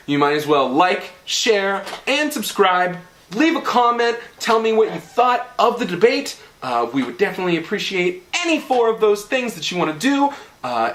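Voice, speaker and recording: A man's voice: high-pitched, fairly bright tone. A young man hosting his channel, casually recapping an event in a rambling, playful way with lots of fillers. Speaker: channel host.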